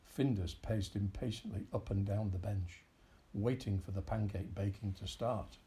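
A man with a gravelly voice reading a children's story aloud in an expressive, animated way. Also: on the low side, normal speed.

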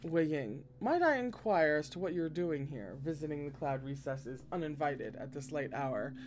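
A man's voice: a little high, expressive, normal speed, slight background noise, close to an everyday voice. Lan Wangji, a man reading as a stern young cultivator.

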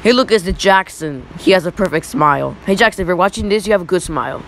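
A young male YouTuber in his teens giving rambling, excitable reaction commentary over old photos. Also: sits high, quick pace, creaky, a little hiss or hum, low-quality recording. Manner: rambling, excitable, repeats "look".

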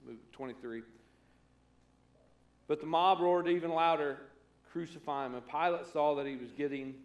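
A man's voice: medium pitch, darkish tone, reverberant. A man preaching a conversational sermon as pastor, acting out the voices he quotes. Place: church sanctuary.

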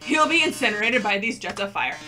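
A woman's voice: mid-range voice, big pitch swings, fast, bright, forceful tone, faint music behind. A woman voicing a flamboyant, mocking male robot TV star who calls everyone darling, reading game dialogue aloud. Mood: gloating.

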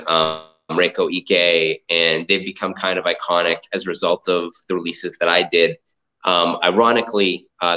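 A man from the Boston area talks in a fairly low voice, winding through stories with plenty of "like" and "you know" as he goes. The sound is dull and lo-fi, as if it came over a video call. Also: bright, forceful tone. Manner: rambling, filler-heavy storytelling. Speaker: guest, comic art collector and entrepreneur. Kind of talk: casual interview chat. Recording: dull lo-fi audio.

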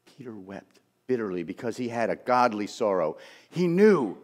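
Animated male preacher. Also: on the low side, moderate pace. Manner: animated storytelling preacher, emphatic. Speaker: pastor. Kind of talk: sermon.

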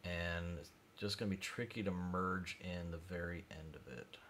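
Male streamer, very low voice, muttering narration at the desk, faint room noise behind. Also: steady tone, normal speed. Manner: mumbly, drifts quiet when concentrating. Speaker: livestreaming maker doing CAD design. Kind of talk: thinking-aloud livestream narration.

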